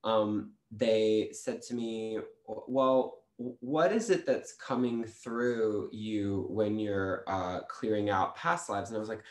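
A man guests on a podcast, recounting spiritual experiences in a casual, animated way. His voice sits somewhat low, and he acts out the lines of people in his stories. The recording carries a roomy echo. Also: takes it slowly, hardly any pauses. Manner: animated storytelling, acts out quotes.

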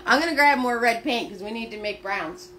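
A woman's voice: on the high side, animated, brisk, bright, forceful tone. A woman leading a live-streamed painting class, chatty and upbeat as she talks viewers through each step. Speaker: paint party instructor.

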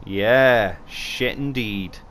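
A man's voice: on the low side, extremely slow, fairly bright tone, slight background noise. A young Geordie man giving joking, chatty game commentary with casual swearing, talking into a desk mic. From North East England. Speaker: gaming YouTuber.

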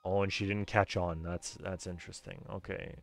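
A man's voice: deep voice, level tone, moderate pace, vocal fry, faint music behind. A man giving casual, sarcastic commentary while playing a game, swearing freely. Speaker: game streamer.

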